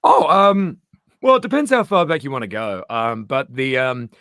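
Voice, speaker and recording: A man in casual interview chat, an animated storyteller who acts out the voices he quotes. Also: mid-range voice, normal speed, dry recording, clean studio sound. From Australia. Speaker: comedian guest.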